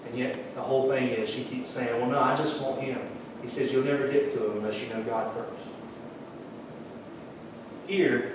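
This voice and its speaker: A man's voice: mid-range voice, noisy background. A man, a pastor giving a folksy, conversational sermon in a church. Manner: folksy, conversational preaching with Southern phrasing. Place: church sanctuary. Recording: echoey church hall, mic at a distance.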